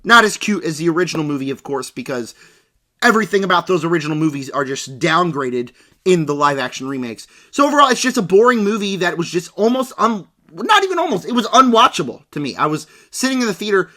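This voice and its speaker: A man's voice: high-pitched, animated, fast talker, bright, forceful tone. A man ranting through a casual movie review with a sarcastic, exaggerated delivery.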